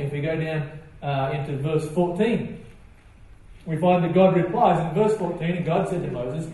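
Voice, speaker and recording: A man's voice: a little high, moderate pace, dark tone. A man preaching a sermon in a conversational way, putting rhetorical questions to his listeners. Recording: echoey room from far off.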